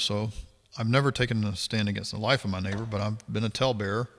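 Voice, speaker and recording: A man in his fifties preaching a sermon, reading scripture aloud and then commenting in a lower, confessional tone. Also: steady tone, fast, a bit bright. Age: 50s. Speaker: pastor. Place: church sanctuary. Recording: long hall reverb.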